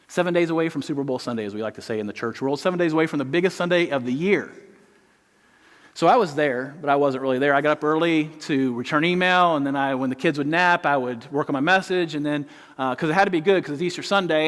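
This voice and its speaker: A middle-aged man preaching an animated sermon, with a high voice for a man. His words ring out with long reverb from a large church hall. He tells stories with lively rises and quiet drops. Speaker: pastor.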